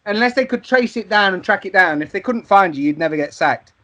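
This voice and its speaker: High-voiced man telling sweary stories. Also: expressive, fairly quick, pushed and bright. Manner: sweary anecdotal storytelling. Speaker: podcast co-host. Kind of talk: casual chat.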